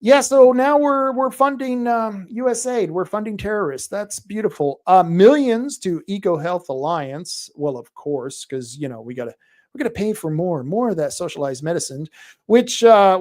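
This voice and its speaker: A man's voice: high voice, animated, normal speed, darkish tone. A man hosting a talk show, giving a sarcastic, crude, ranting commentary monologue.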